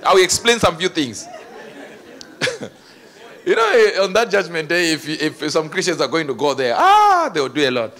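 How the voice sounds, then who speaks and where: A man preaching an energetic sermon, animated, laughing often and breaking into shouts. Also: fairly high pitch, moderate pace.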